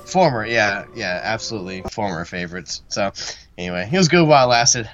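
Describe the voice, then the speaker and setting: A man co-hosting a podcast, chatting in a relaxed, joking way. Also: on the low side, brisk, dry recording, dull audio. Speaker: podcast co-host. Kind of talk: casual podcast chat.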